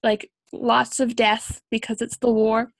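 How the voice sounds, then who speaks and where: A woman's voice: fairly high pitch, level tone, a little slow, creaky, no echo. A young woman from Canada co-hosting a casual chat, talking with many ums and likes. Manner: chatty, frequent ums and likes.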